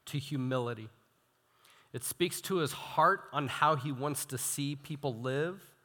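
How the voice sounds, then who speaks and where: Bright-voiced young male preacher, hall reverb. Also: medium pitch. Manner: animated, self-deprecating, reads quotes with emphasis. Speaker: student minister. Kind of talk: sermon. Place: church hall.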